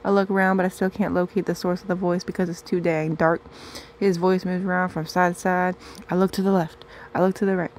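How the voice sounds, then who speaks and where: A woman reading her own comic story in first person with a put-on twang and playful, deadpan delivery. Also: on the low side, a little fast, a little hiss or hum.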